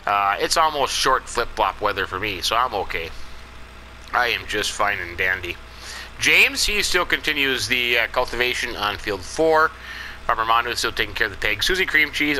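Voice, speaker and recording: A man's voice: fairly low pitch, pushed and bright, a little hiss or hum, rough recording. A man casually narrating his farming game in a folksy, rambling way, with chuckling asides. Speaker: let's play host.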